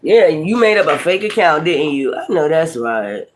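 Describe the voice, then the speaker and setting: On the high side and very animated, this man's voice moves at a moderate pace, with a little hiss or hum in the recording. A Brooklyn-accented tarot reader, he rants profanely and combatively at critics during a casual livestream reading.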